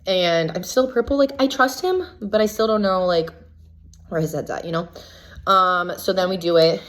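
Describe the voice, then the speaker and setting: A woman casually recapping events as a reality show contestant, chatty and full of "like" fillers, lively when she quotes others. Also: lowish voice, normal speed. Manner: chatty, filler-heavy with constant "like"; gossipy and animated when quoting others.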